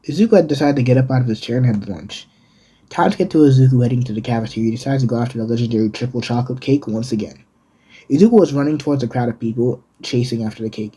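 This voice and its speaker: A man's voice: mid-range voice, warm tone, slightly rough. A man narrating a fan-made story in a casual, rambling way, often correcting himself mid-sentence. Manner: rambling, with restarts and self-corrections.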